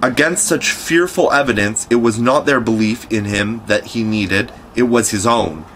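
A man's voice: mid-range voice, a little hiss or hum, rough recording. Man reading a storybook aloud. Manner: measured, expressive storytelling. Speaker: audiobook reader. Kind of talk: scripted narration.

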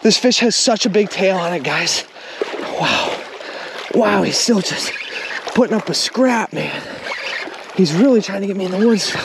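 A man's voice: sits high, animated, a little slow, gravelly, long pauses. A man hosting a fishing vlog, breathless and exclaiming as he fights a fish on a riverbank, recorded on a camera mic. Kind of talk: live excited commentary while fighting a fish. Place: outdoors on a riverbank. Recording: outdoor recording with loud water noise.

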